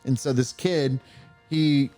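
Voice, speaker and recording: A young man co-hosting a casual chat over a video game, telling stories with lively flair. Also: medium pitch, takes it slowly, faint music behind. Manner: animated storyteller, acts out voices in bursts. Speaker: co-host. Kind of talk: casual chat while gaming.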